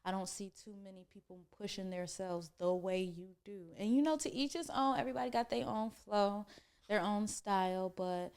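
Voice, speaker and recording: A woman hosts a relaxed interview, her voice smooth and clear at a middle pitch. She speaks playfully and keeps affirming her guest. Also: normal speed. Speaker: interview host. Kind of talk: casual interview chat.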